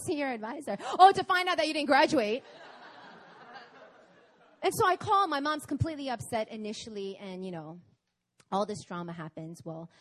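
Animated young woman telling her story. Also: fairly high pitch. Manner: animated, chatty storytelling with laughs and acted-out quotes. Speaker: speaker at a prayer meeting. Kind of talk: sermon with personal storytelling. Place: church meeting hall in Korea.

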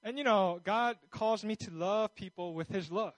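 High-voiced animated preacher man. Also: normal speed, no echo, rough recording. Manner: animated storytelling, repeats words, acts out voices. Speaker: pastor. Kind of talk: sermon.

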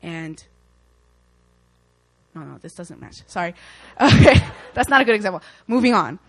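A woman's voice: fairly low pitch, big pitch swings, moderate pace, rough recording. Young woman, Christian speaker; informal, heartfelt Bible talk, conversational, acts out doubts. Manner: earnest, conversational, acts out worried inner voices.

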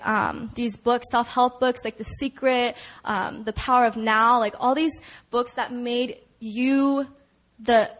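A woman's voice: a little high, a bit bright. A young woman giving a personal testimony at a church prayer meeting, talking in a chatty way full of "like" and "you know" and often laughing as she tells it. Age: young adult. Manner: laughs often while telling.

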